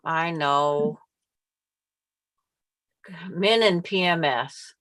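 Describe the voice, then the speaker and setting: A woman's voice: deep voice, drawn-out words, a bit bright, dry recording, rough recording. A woman co-hosting a quilting live stream, chatting casually and describing what she is doing as she works. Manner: narrates what she is doing, laughs easily. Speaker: quilting co-host. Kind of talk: casual chat while crafting.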